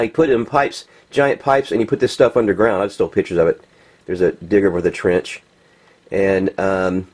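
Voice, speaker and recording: A man giving impassioned, rambling commentary while showing pictures, swearing and filling pauses with ums and uhs. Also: on the low side, darkish tone. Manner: heated, rambling, swearing, many fillers. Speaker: political commentator.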